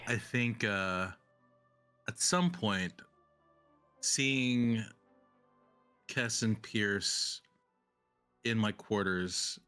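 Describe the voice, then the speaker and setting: A man playing a tabletop game, speaking in a slow, deliberate way. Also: lowish voice, bright, forceful tone, clear, resonant tone, faint music behind. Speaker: player. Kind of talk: casual tabletop play.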